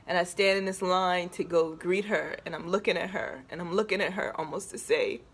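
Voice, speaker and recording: A woman from the Baltimore area talking to camera in a personal vlog, halting and emotional, moving between laughter and tears. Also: fairly low pitch, fairly even intonation, fairly bright tone, slightly rough. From Baltimore area, USA. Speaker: vlogger.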